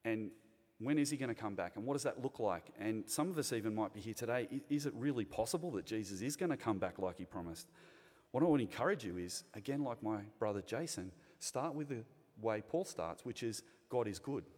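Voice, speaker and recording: A man with an Australian accent preaching a sermon to a congregation, chatty and direct, asking them questions and rising to loud, emphatic points. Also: on the low side, lively intonation, a little fast. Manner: conversational, interacts with the congregation, builds to loud emphatic bursts. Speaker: pastor. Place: church hall. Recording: long reverb of a large hall.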